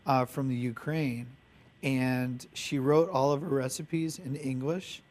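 A man's voice: medium pitch, fairly even intonation, slow, a little mellow. A man, a baker, chatting as an interview guest, eager and full of "like" and "you know.". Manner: eager, filler-heavy, lots of "like" and "you know". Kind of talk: casual interview chat.

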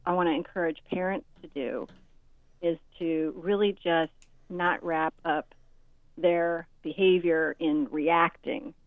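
A woman guest author in her forties speaks in a slightly low voice. She tells a parenting story and acts out each quote with energy. The sound is thin and dry, like a phone line. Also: steady tone, takes it slowly, dry recording. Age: 40s. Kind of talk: interview storytelling.

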